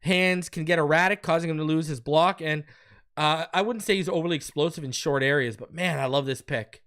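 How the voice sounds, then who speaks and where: A man hosts a live draft reaction stream with a high, smooth, clear voice. He talks excitedly and repeats his cheers, hyping every pick as it comes in. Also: a little fast. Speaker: host of a sports fan channel.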